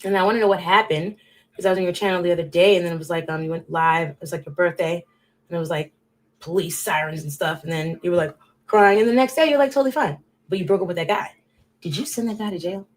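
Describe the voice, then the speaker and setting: A woman's voice: fairly low pitch, fast talker. Casual woman livestreamer, rambling and talkative, addressing chat directly, volume jumping between bursts and mutters. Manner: rambling, chatty, talks straight to chat viewers; drifts between loud bursts and muttered asides. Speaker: livestream host.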